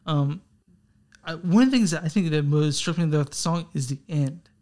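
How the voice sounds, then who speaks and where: Brief: young male co-host, a little high-voiced, rambles and curses in loose music chat. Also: normal speed, a little mellow. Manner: rambling, swearing, self-deprecating. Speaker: podcast co-host. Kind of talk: casual chat.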